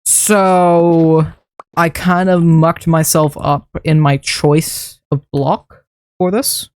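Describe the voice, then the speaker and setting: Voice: mid-range voice, flat delivery, extremely slow. A streamer giving casual gameplay commentary, rambling to themself and chuckling at their own mistakes while building. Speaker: streamer building a game base.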